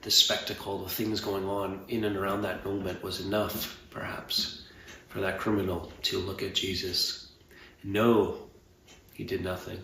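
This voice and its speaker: Gravelly man preaching in an echoey church. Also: low-pitched, fairly bright tone, a little hiss or hum. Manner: earnest, measured, with fillers and pauses. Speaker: pastor. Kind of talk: sermon. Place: church sanctuary. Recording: roomy church sound from a distant mic.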